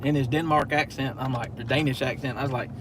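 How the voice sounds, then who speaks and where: A man's voice: medium pitch, fairly even intonation, fast talker. A man, hosting a casual live stream from inside a car at night and chatting to viewers in a rambling, storytelling way. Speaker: channel host. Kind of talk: casual live-stream chat while driving. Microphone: phone. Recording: car noise throughout.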